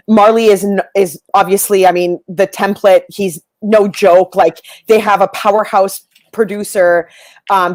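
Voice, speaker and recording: A woman in a casual podcast discussion who gives her opinion in a measured, assured way. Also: medium pitch, no echo. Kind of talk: casual chat.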